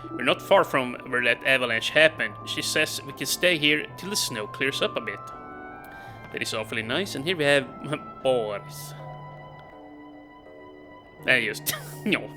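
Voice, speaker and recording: A man's voice: mid-range voice, low-quality recording. A man commentating a game casually, reading the text aloud and laughing often. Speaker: let's play gamer.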